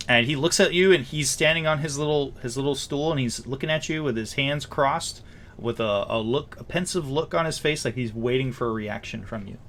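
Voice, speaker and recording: A man narrating a tabletop game as game master, describing scenes with many pauses and fillers. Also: medium pitch, fairly bright tone, a little hiss or hum.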